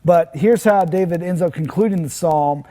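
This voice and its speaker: A man's voice: a little high, normal speed, mellow. A man speaking as a pastor, giving a short, earnest devotional message in a plain, conversational way with some restarts. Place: church.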